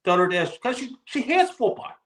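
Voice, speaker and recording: A man in his forties with a high, bright, ringing voice gives a heartfelt rant on a live fan show. He swears freely and hammers his points home by repeating them. He pours real feeling into every sentence. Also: big pitch swings, brisk. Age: 40s. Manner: emphatic, swears often, repeats himself for stress. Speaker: guest on a fan call-in show.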